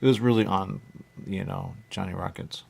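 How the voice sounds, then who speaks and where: Gravelly low-voiced talk radio host. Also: male voice, steady tone, moderate pace, a little mellow. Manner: chatty, keeps saying "okay?" and "there you go". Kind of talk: casual rambling talk.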